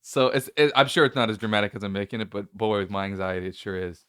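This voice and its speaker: A man's voice: fairly low pitch, fast, a bit bright, clean tone, no room sound, clean studio sound. A male podcast host telling a story in casual chat, nervous and rambling, with many restarts and a voice that cracks.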